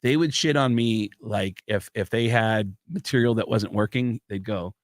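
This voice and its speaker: A comedian from Tucson, Arizona, telling a story as a podcast guest. He is animated, curses often and slips into the voices of the people in his story. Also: fairly low pitch, moderate pace, no echo, studio quality. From Tucson, Arizona, USA. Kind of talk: casual storytelling chat.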